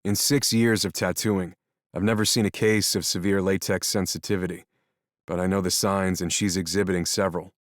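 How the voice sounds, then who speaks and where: Deep, dry-voiced male narrator, calm and measured audiobook reading. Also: no echo. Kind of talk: first-person scripted narration.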